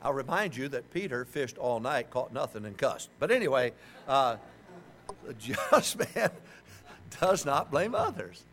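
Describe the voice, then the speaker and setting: A man's voice: medium pitch, moderate pace. An older man preaching a sermon, joking and calling on the congregation to answer back. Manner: joking, animated, call-and-response with the congregation.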